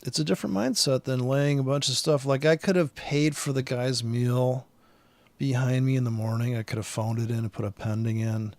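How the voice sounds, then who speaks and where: A man's voice: medium pitch, fairly even intonation, moderate pace, darkish tone, no room sound. A man in a rambling, profane vlog rant, angry and restless, full of fillers. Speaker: vlogger.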